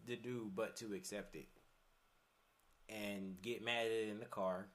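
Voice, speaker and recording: A man's voice: fairly low pitch, fairly even intonation, a little slow. A man chatting casually on a podcast, laid-back and profane, laughing often and talking with many fillers. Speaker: podcast guest.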